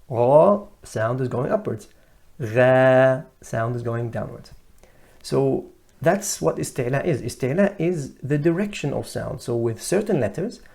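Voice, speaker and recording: A man teaching a recorded lesson, calmly explaining and sounding out letters loudly and slowly to contrast them. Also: mid-range voice, vocal fry. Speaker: tajweed teacher.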